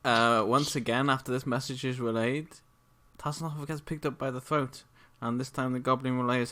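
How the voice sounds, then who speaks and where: A man narrating a tabletop game as game master, pausing often with fillers as he works out the rules. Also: medium pitch, fairly even intonation, sharp tone. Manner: hesitant, frequent fillers.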